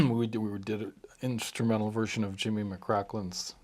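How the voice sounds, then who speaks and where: Male musician guest, low-pitched, casual interview storyteller who rambles and restarts. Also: sing-song, a little slow, a bit bright, a little hiss or hum. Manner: rambling, full of restarts and asides. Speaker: harmonica player and musician.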